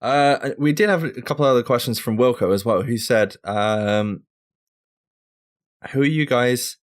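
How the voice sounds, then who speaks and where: A man's voice: medium pitch, a little slow. A man hosting a casual gaming podcast, talking in a rambling, laid-back way and swearing now and then. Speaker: podcast host.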